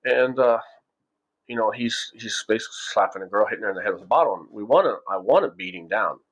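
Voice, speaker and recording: A man with a fairly low voice tells a story from his own life in a loose, conversational way. He circles back and restarts often and slips into little acted-out quotes of the people involved. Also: expressive, fast, a bit bright, lo-fi sound. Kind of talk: casual spoken storytelling.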